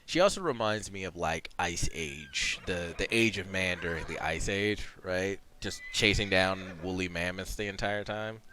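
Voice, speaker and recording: Rambling low-voiced male streamer. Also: measured pace, hardly any pauses, pushed and bright, a little hiss or hum. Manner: rambling, many fillers and self-corrections. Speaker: let's play streamer. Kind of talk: casual game commentary and reading.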